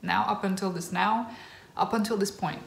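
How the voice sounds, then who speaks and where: A woman's voice: medium pitch, moderate pace, gravelly, a little hiss or hum. A young woman vlogger telling a personal story in a casual, gushing way, emotional and near tears, with lots of fillers. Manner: gushing, tearful excitement, filler-heavy. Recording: roomy echo.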